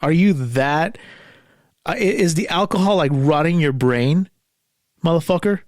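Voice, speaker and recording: A man's voice: on the high side, a little slow, dry recording, clean studio sound. Angry profane man ranting solo. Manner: angry, profane, repeats himself, yells at times. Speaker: podcast host. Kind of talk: solo commentary rant.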